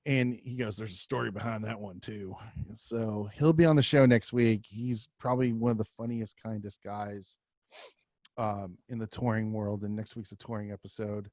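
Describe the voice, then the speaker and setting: A man's voice: on the low side, fairly even intonation, moderate pace, darkish tone, no echo. A man co-hosting a music podcast, chatting loosely with many fillers and restarts. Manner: loose, rambling, lots of fillers. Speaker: podcast co-host. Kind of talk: casual podcast chat.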